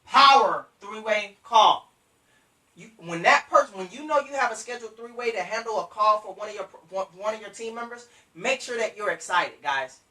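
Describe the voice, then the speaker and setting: A bright, forceful coaching voice that drives each point home, repeating and speaking straight to the audience. The voice sits back from the mic, and the room around it rings with echo. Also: medium pitch, lively intonation, fairly quick, hardly any pauses, far from the mic. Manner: emphatic, repetitive, coaching directly to listeners. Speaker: business trainer. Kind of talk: motivational sales coaching.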